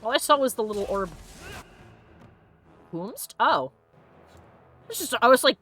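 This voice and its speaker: A woman's voice: on the high side, lively intonation, unhurried, pauses often, fairly bright tone. Playful woman narrating her gameplay. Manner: playful, giggly, reads chat aloud. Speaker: let's play host. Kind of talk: casual gameplay commentary.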